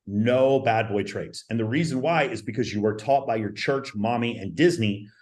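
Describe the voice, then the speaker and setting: A man's voice: mid-range voice, moderate pace, a little mellow. A man hosting a podcast, talking emphatically to his viewers, repeating his points and swearing. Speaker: podcast host. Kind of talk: animated podcast monologue to viewers.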